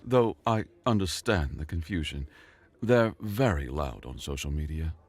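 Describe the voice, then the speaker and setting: A man's voice: rumbling low, expressive, unhurried, husky, full character voice. A man reading the lines of a composed human woman ambassador who corrects politely.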